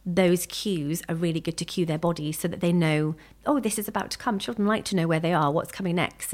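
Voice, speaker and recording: A woman sleep consultant and parent, explaining in a chatty, evidence-focused way in a podcast interview. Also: lowish voice. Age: adult parent.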